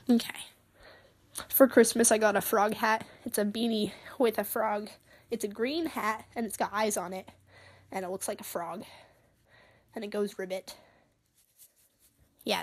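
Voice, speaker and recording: A young woman from Utah hosting a solo podcast from her bedroom, chatting in a rambling, awkward, self-deprecating way. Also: a little high. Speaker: podcast host.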